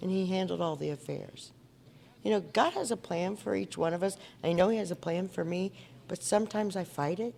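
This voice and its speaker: A woman's voice: lowish voice, brisk, gravelly, darkish tone. A woman from Indiana speaking at a recovery meeting, telling her story in an earnest, conversational way and asking the audience questions. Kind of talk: personal recovery talk at a meeting. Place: meeting hall before an audience.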